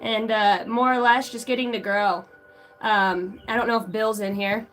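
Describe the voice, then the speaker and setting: A woman's voice: fairly high pitch, steady tone, normal speed, fairly bright tone, soft background music. A woman with an American country accent hosting a casual psychic live stream, chatty and profane, greeting viewers in the chat by name.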